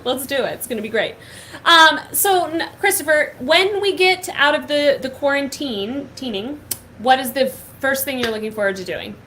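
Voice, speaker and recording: A woman's voice: sits high, lively intonation, moderate pace, pushed and bright, a little hiss or hum, rough recording. A young woman hosting a casual online show, gushing and upbeat, with lots of filler words. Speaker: host. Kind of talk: casual chat.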